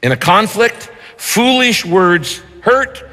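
A male pastor preaching a sermon with animated, punchy rhyming lines. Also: high-pitched, slow. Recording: long reverb of a large hall.

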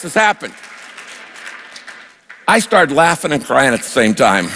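An older pastor preaches with a lively, storytelling delivery and acts out his own prayers. His voice sits a little high for a man. The sound carries a long reverb, as in a big hall. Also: a little slow, a faint crowd. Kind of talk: sermon with personal story.

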